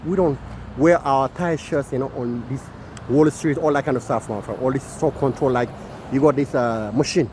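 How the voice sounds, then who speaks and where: A man from the Horn of Africa, giving a rambling ranting monologue that keeps repeating "my friend" and swings between loud and soft. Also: medium pitch, normal speed, background noise.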